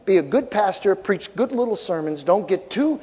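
Middle-aged male pastor, husky high voice, impassioned sermon, long hall echo. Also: normal speed. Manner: animated preaching, shouting peaks, repeated phrases. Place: large church sanctuary.

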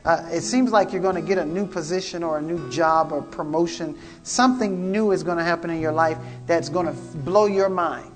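A man's voice: a little high, brisk, hardly any pauses. A man preaching a prophetic sermon, fervent and repetitive, calling out to the congregation. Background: guitar music.

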